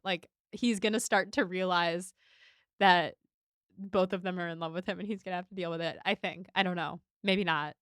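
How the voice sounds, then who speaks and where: A woman's voice: lowish voice, a little fast, bright, forceful tone, no echo, clean studio sound. A woman co-hosting a podcast in a casual book discussion, chatty and loose, with lots of "like" and "kind of". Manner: chatty, many "like" and "kind of" fillers. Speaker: podcast co-host.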